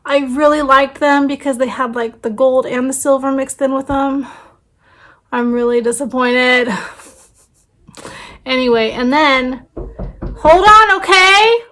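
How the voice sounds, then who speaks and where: A woman's voice: sits high, little pitch movement, unhurried, pauses often, a bit bright. A woman in her thirties, a family vlogger, chatting casually and rambling with fillers, tired and her voice fading. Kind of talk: casual vlog chat.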